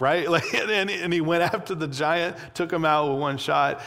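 A man's voice: a little high, fairly even intonation, normal speed, creaky, pushed and bright. Casual preaching man in a reverberant hall. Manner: casual, conversational preaching with fillers. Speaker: pastor. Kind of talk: sermon.

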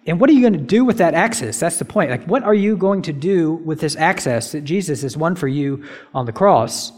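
A man's voice: a little high, lively intonation, brisk, darkish tone. A young man preaching a casual, emphatic sermon, full of rhetorical questions and asides. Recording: long reverb of a hall.

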